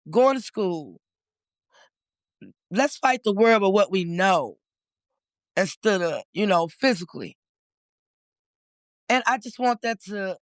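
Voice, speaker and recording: A candid woman talks openly about her life as an interview guest, stopping and restarting as feelings rise. Her voice sits at a middle pitch and comes across close and dry, with little room sound. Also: no room sound. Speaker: interview guest, community organizer. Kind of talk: casual conversational interview.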